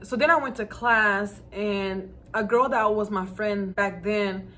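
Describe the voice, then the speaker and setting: A woman's voice: mid-range voice, takes it slowly, fairly bright tone. A young adult woman telling a personal story to her viewers in a casual, chatty way, laughing often. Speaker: vlogger.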